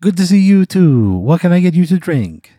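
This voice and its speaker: A man voicing a cheesy, overly polite male Italian waiter in a deliberately bad fake Italian accent. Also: sits high, big pitch swings, dark tone, no echo, clean studio sound, voice pushed up. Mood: theatrical. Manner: hammy, exaggerated accent.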